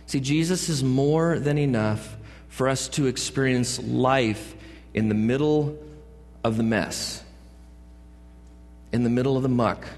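Joking pastor preaching in an echoing hall. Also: male voice, medium pitch, a little slow, long pauses, darkish tone. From California. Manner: joking asides and playful put-on voices. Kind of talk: sermon. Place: church sanctuary. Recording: long church hall reverb.

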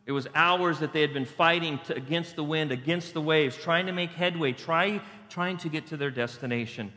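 A man's voice: fairly high pitch, normal speed, bright, forceful tone. A male pastor preaching a sermon in an emphatic, repetitive, conversational way. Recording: long reverb of a large hall.

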